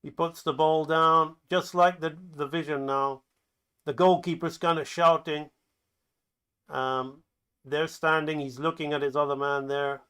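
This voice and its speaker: An animation teacher with a clear, resonant voice on the high side describes his own animatic at a measured pace, calling each beat play by play. His talk is loose and chatty, with fillers and restarts, and he acts the scenes out with lively excitement.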